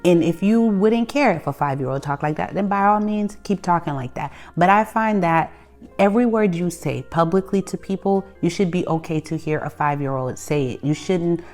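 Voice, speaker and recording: Low-voiced woman giving blunt advice. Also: normal speed. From Haitian family background. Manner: blunt, conversational, repeats and restarts, animated bursts. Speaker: self-help video host. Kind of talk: candid advice monologue. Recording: soft music behind the voice.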